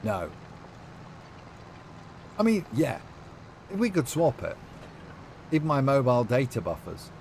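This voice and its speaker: A man's voice: medium pitch, huge pitch swings, unhurried, creaky, long pauses, darkish tone. A man with a chatty manner, casually talking to his live-stream chat while playing, with faint noise behind him. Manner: chatty, reads out and answers chat.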